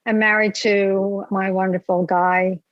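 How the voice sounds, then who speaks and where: A woman's voice: medium pitch, level tone, a little slow, no room sound. Older grandmother guest over a dull line. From New Jersey. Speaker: podcast guest. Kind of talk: casual interview.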